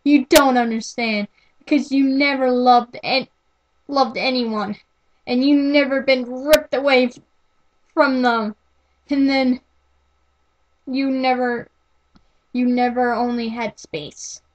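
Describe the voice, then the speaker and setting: A woman voicing an excitable young male robot sphere obsessed with space, talking high and eager. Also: slow, pauses often, muffled recording. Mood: upset.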